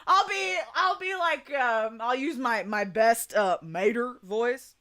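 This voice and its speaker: Bright, animated woman streamer. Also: a little high, slow. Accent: Southern US. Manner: laughs often, animated, swears freely. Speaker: streamer chatting with her chat. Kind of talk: casual live-stream chat.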